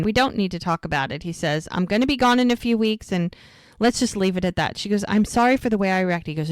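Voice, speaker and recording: A woman co-hosting a rewatch podcast, casually retelling scenes and quoting the characters in quick bursts. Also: mid-range voice, no room sound, studio quality. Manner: chatty, quotes characters in quick lively bursts. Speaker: podcast co-host recapping episodes.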